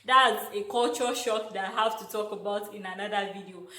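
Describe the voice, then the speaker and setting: A young Nigerian woman telling a story in an animated vlog, exclaiming and laughing often. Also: mid-range voice, normal speed. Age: young adult. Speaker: vlogger, international student. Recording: echoey room.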